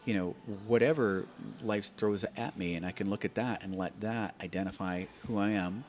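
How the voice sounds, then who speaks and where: A man in his fifties with a low, deep voice tells stories on a podcast. He talks in an animated, rambling way, stacking up repeated words as he gathers his thoughts. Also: normal speed, few pauses, a little hiss or hum. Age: 50s. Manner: animated, repeats words and restarts while thinking. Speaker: podcast guest. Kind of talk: conversational storytelling. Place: open-air bike and coffee shop in a garage.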